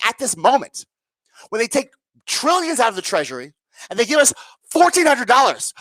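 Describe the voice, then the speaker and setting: A woman's voice: a little high, a bit bright, dry recording. A woman hosting a solo political commentary livestream. She rants sarcastically and profanely, firing rhetorical questions at her viewers.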